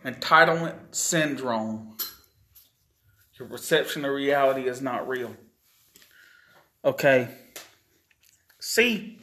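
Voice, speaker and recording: Slow, slurred man hosting a podcast. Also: medium pitch, a bit bright. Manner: slow, deliberate, earnest. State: slurred speech from facial palsy. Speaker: podcast host. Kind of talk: solo podcast monologue.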